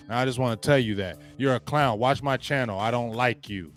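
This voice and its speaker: This is a man hosting a live sports talk stream. His voice sits in a middle pitch, and he delivers loud, emphatic trash talk while calling out viewers in the chat. Faint music plays in the background. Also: brisk, hardly any pauses. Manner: trash-talking, loud and emphatic, greets chatters. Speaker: sports show host.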